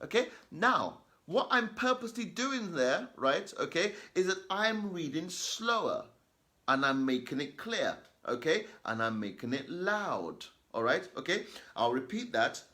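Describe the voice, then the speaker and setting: A man's voice: a little high, very animated, sharp tone. A man giving children tips on reading aloud, emphatic and constantly checking in with "okay?" and "all right?". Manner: reads example sentences slowly and deliberately.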